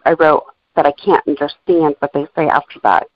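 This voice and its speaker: Low-voiced woman with a dry, dull sound. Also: steady tone, normal speed, dry recording. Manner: methodical, walks through notes and transcripts. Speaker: podcast co-host. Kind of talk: casual chat. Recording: dull lo-fi recording.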